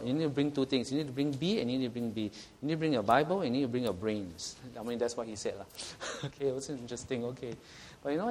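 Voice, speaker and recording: A man's voice: mid-range voice, a little mellow, slight background noise. A middle-aged man with a Singaporean English accent, preaching a sermon in a conversational way, asking the congregation questions and chuckling at his own jokes.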